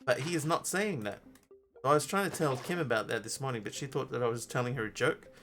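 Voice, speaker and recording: A man's voice: medium pitch, fast talker, a bit bright, faint music behind. Rambling chatty streamer guy. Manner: rambling, chatty, many ums and restarts. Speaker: streamer playing a game. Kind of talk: casual live-stream chat while playing.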